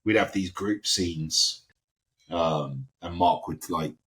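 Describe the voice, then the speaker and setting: A man from London, an actor guest, telling a casual anecdote with animated storytelling and lively quoted impressions. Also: sits low, slow.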